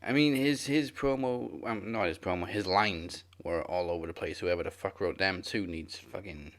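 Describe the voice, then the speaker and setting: A man's voice: low-pitched, moderate pace. A man co-hosting a casual wrestling podcast, dry and blunt. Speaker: podcast co-host.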